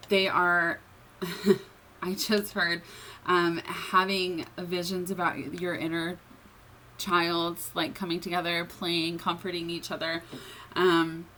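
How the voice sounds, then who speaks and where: A woman's voice: fairly low pitch, fairly bright tone, slight background noise, low-quality recording. A woman giving a casual tarot reading in a chatty, filler-heavy way, often checking in with the listener. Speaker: tarot reader.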